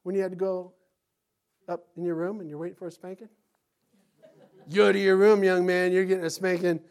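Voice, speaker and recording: Middle-aged male pastor, animated sermon delivery, acts out voices, chuckles. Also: high-pitched, a little fast.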